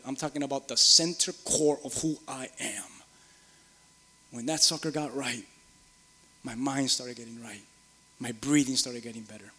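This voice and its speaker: A man's voice: mid-range voice, fairly bright tone, long reverb tail. A middle-aged man preaching a sermon, earnest and repetitive, rising to emphatic peaks. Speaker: pastor.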